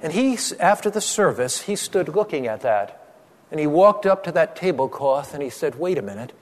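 A man preaching a sermon, telling a story with dramatic pauses and slowing on key phrases. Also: fairly high pitch, lively intonation. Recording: long hall reverb.

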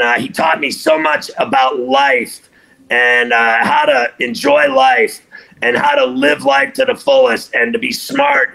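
Gravelly, bright-voiced joking man. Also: mid-range voice, low-quality recording. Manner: joking, boisterous, teasing. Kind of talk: casual chat.

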